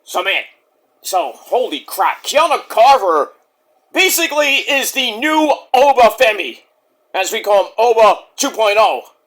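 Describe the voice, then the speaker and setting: A man recapping a wrestling show in a casual vlog, excitable, rambling and profane. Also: high voice, a little slow.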